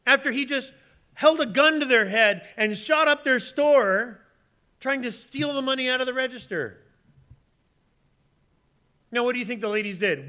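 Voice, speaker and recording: Animated high-voiced preaching man. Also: moderate pace, long pauses. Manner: animated preaching, acts out pleading voices with sudden loud high bursts. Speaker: pastor. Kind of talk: sermon.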